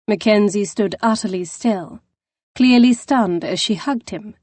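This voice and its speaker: Woman narrator, measured storytelling, mid pitch, dry close recording. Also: darkish tone, no room sound. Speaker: audiobook narrator. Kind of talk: scripted narration.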